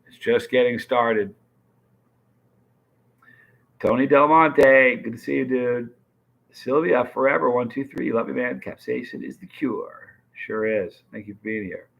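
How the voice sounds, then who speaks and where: A man's voice: medium pitch, a little slow, vocal fry, fairly bright tone, dull audio. A man hosting a live stream, chatting casually and greeting viewers by name as he reads their comments. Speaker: livestream host.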